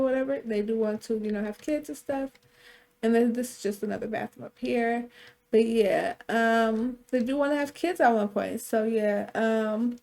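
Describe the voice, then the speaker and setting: A woman's voice: fairly high pitch, darkish tone. Chatty young woman narrating a game. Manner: loose, chatty, swears freely. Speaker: gameplay storyteller. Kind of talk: casual game storytelling narration.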